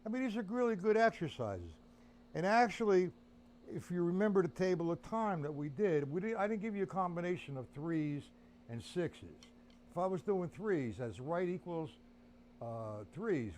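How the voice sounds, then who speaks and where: A man's voice: high voice, expressive, unhurried, noisy background. A man teaching drums on a live stream, counting beats aloud while he plays and chatting to viewers. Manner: chatty, addresses viewers as guys. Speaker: drum teacher. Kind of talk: live-streamed drum lesson.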